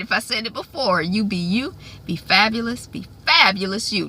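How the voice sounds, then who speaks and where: Chatty woman vlogger doing a tv recap, super bright voice, acts stuff out. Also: medium pitch, moderate pace, few pauses, slight background noise. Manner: chatty and animated, acts out the scenes. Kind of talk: casual TV recap vlog.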